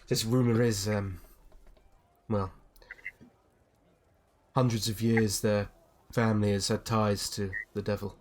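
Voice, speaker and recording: A young man running a tabletop game as dungeon master, narrating scenes with frequent pauses and restarts. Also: lowish voice, level tone, slight background noise. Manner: hesitant, many ums and restarts, slips into character voices.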